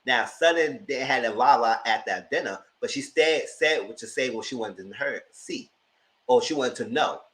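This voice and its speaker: A man hosting a live TV review, giving sassy, animated commentary straight to his viewers. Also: medium pitch, normal speed, rough recording. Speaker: TV review host.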